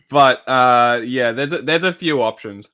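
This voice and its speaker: With a pushed, bright voice at medium pitch, a man comments on the news during a live stream. He chats casually and rambles, cursing, restarting sentences, and filling gaps with fillers.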